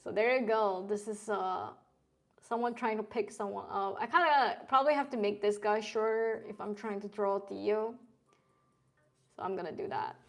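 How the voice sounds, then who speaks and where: A woman's voice: medium pitch, normal speed. A young woman streaming while she draws, chatting in a laid-back, rambling way with casual swearing and Gen Z slang. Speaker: streamer drawing live. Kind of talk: casual chat while drawing.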